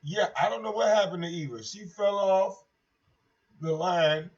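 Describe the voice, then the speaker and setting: A man's voice: sits high, unhurried. A man hosting a casual livestream, talking in a brash, profane, mocking way and repeating himself. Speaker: livestream host. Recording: dull lo-fi stream audio.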